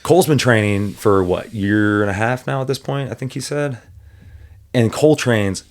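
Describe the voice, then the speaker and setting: A man who coaches fighters, co-hosting a podcast and telling a story with animated energy and frequent laughter. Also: medium pitch, moderate pace. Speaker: MMA coach and podcast co-host. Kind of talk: casual podcast chat.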